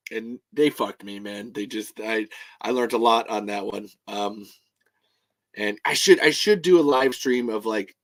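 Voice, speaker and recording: A man hosting a casual livestream, reading comments aloud in an excitable, rambling way and swearing often. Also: mid-range voice, dry recording. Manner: excitable, swears a lot, jumps between topics. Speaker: livestream host.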